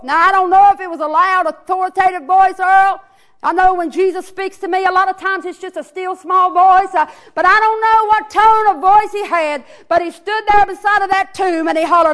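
A woman's voice: very high voice, steady tone, normal speed, a bit bright. A woman preaching a sermon in church, praying fervently with repeated invocations and retelling a Bible story. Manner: fervent, repetitive invocations, rising to hollering in retold scenes.

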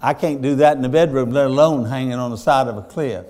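An older man preaching a sermon in a folksy storytelling way, swinging between loud fervor and hushed tenderness. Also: medium pitch, fast talker, hardly any pauses.

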